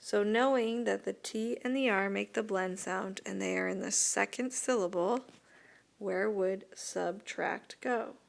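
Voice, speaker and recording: A woman teacher giving a recorded lesson to young students, talking slowly and carefully and repeating each word. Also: medium pitch, creaky. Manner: slow, deliberate, repeats words for young students. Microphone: tablet microphone.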